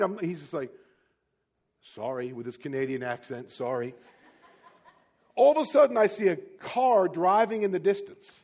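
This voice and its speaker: A man preaching a sermon, telling a personal story with big swings between loud, emphatic peaks and quiet asides. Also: high voice, slightly rough. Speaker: pastor.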